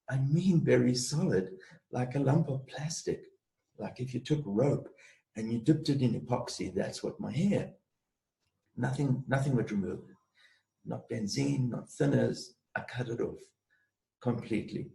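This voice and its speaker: A man telling a personal story as a guest in an interview, in a measured storytelling way. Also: mid-range voice, vocal fry, dark tone, reverberant, rough recording. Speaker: guest, space clearer and healer.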